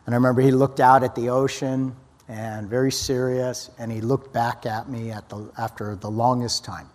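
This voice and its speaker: A man's voice: mid-range voice, flat delivery, moderate pace, darkish tone. Man telling a personal story at church, earnest, restarts a lot, long echo in a big hall. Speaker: guest speaker. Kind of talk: personal testimony.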